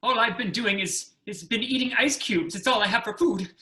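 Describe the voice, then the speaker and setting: An improviser playing deadpan characters in a comedy scene over a video call. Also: medium pitch, normal speed, roomy sound. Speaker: improv performer.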